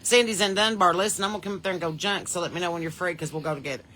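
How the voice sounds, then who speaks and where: A podcast host with a Southern US accent runs a casual livestream, greeting viewers by name and home state in a chatty, folksy way. Her voice is on the low side and a bit bright, with fairly even intonation and a rapid-fire delivery. There's slight background noise.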